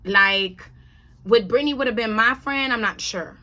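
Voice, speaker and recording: A sassy woman talks through a reality TV recap in a bright, forceful voice. Her pitch sits a little high. She is blunt and repeats her points for emphasis. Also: normal speed. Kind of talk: casual opinionated chat.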